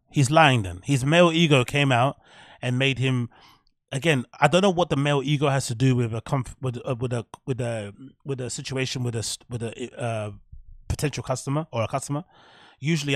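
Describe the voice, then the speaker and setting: A man's voice: mid-range voice, dry recording, clean studio sound. A man hosting a podcast, reacting bluntly and with profanity to a news clip in a casual commentary style. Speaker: podcast host.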